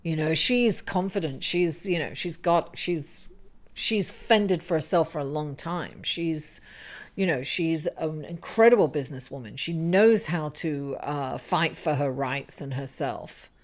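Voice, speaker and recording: A woman's voice: deep voice, unhurried. A woman giving a weekly tarot reading to camera, encouraging and musing, who keeps calling the listener darling. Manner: musing, thinking aloud with fillers and restarts. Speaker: tarot reader.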